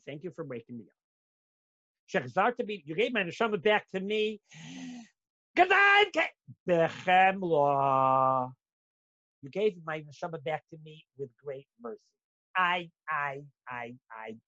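A man teaching a religious lesson, acting out inner voices dramatically and bursting into shouts. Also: on the high side, no echo. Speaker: Torah teacher. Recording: dull lo-fi dry recording.

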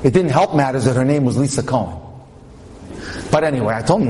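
A man's voice: mid-range voice, lively intonation, fast, long pauses, a little mellow, a little hiss or hum. Man giving a storytelling Torah talk. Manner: storytelling, translating Hebrew quotes into English; mixes Hebrew terms into English speech. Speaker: religious lecturer.

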